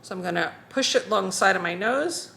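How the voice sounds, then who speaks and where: A woman teaching a skincare routine, calmly talking through each step as she demonstrates it. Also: medium pitch, fast, creaky, a little hiss or hum. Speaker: skincare instructor.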